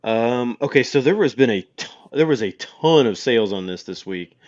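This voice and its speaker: A man's voice: mid-range voice, animated, normal speed, a little mellow, dull audio. A man chatting casually on a stream, laid-back and a little unsure. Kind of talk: casual chat.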